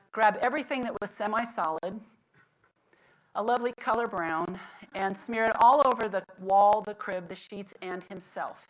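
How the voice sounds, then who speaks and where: Give me a middle-aged woman giving a devotional talk, a lively storyteller with quiet reflective stretches. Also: medium pitch, rough recording. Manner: lively storyteller who leans in on the funny parts, then slows to reflect. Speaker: women's Bible study speaker. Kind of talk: devotional teaching with family stories.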